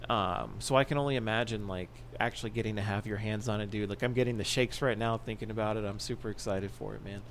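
A man co-hosting a casual podcast, excitable and profane, laughing often as he talks about games. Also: on the low side, fast talker, hardly any pauses, slight background noise. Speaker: podcast co-host.

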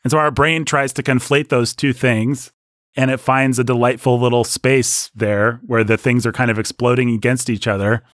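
Animated podcast co-host, man, dry close-miked sound, mid pitch. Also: moderate pace, dry recording. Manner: animated, jumps into high mock voices for jokes. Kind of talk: casual podcast discussion.

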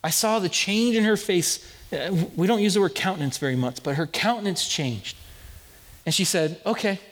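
A man's voice: high voice, moderate pace. Earnest preacher man in a reverberant hall. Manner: earnest storytelling with repeated restarts. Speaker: pastor. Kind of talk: sermon.

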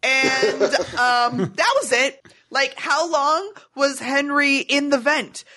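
A woman's voice: high voice, slow, background noise. A woman co-hosting a podcast in casual chat, wry and chatty, often laughing as she talks. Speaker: podcast co-host.

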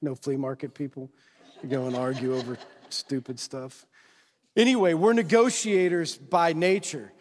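A man with a slightly high, steady voice preaches at a moderate pace in a church sanctuary, the large hall giving a long reverb. His sermon is conversational, constantly checking in with the congregation through rhetorical questions.

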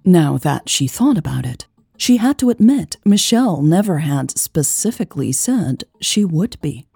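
Woman narrator, low gravelly voice, husky tone, unhurried storybook reading, dry close sound. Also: very animated, mellow, no echo. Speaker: audiobook narrator. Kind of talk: scripted narration.

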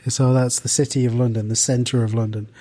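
British podcast co-host, mid-pitch male voice, loose rambling delivery with lots of restarts. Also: flat delivery, fairly quick, warm tone. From United Kingdom. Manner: thoughtful, rambling with many restarts and fillers. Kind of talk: casual podcast discussion.

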